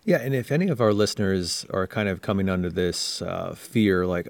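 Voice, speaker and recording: A man co-hosting a casual sales-training podcast, who explains ideas in steady, reflective points. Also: deep voice, normal speed, gravelly, few pauses. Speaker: podcast co-host.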